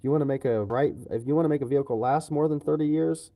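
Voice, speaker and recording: A man ranting profanely and loudly to his livestream viewers. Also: on the high side, quick pace. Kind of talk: livestream rant.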